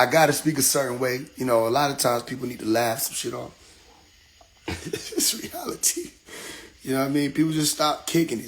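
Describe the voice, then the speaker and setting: A middle-aged man talking casually on a livestream, telling stories with playful voices and laughter. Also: fairly high pitch. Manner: animated storytelling with playful mimicry and laughter. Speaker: livestream host.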